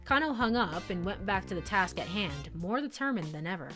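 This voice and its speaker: Giggly animated woman streaming a game. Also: medium pitch, brisk, music in the background. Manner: giggly, animated, reads text then reacts. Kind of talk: let's play narration and commentary.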